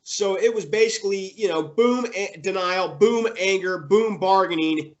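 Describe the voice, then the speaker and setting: A young man being interviewed, telling a personal story in a halting way with many fillers and restarts, getting emotional. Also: sits high, dull audio.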